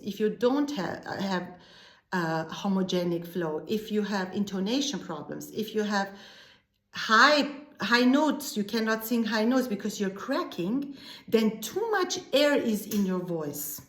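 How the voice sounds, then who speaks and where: A woman teaching opera singing, explaining vocal technique in a patient way and often restarting words. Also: mid-range voice. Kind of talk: vocal lesson. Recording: echoey room.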